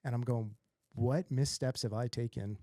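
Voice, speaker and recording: A man in his forties from Southern California, a podcast guest telling stories about his life in an animated, self-mocking way and acting out other people's lines. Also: mid-range voice, moderate pace, no room sound, studio quality. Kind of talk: casual storytelling.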